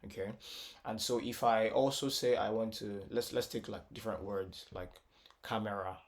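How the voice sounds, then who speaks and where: A man's voice: on the low side, fairly even intonation, normal speed, gravelly. A man teaching a casual music tutorial, explaining step by step with lots of repetition and filler words, sometimes singing short phrases. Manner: breaks into short sung phrases.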